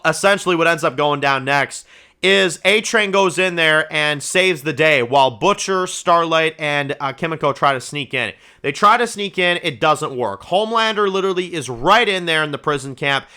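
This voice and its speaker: A man hosting his own review channel, talking through a show in a casual, rambling, excitable way, with lots of swearing and "you know"s. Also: a little high.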